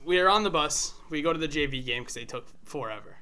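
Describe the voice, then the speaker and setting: A man's voice: a little high, expressive, quick pace, sharp tone, smooth. A young man, a podcast co-host, telling a story in casual chat and laughing often as he goes.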